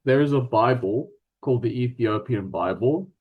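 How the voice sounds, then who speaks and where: A man's voice: mid-range voice, normal speed, breathy edge, narrow, tinny audio. A man with an Afrikaans South African accent in casual chat. He hesitates often, restarts his sentences and swears freely.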